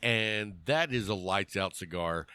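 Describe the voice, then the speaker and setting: A middle-aged man with a lowish voice that swings up and down a lot, co-hosting a casual podcast. He jokes around with plenty of fillers and sounds loosened up by a glass of bourbon. The sound is close and dry. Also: lively intonation, unhurried, bright, forceful tone, clear, resonant tone, dry recording. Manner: laid-back, joking, lots of fillers. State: has had some bourbon. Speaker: podcast co-host. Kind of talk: casual chat.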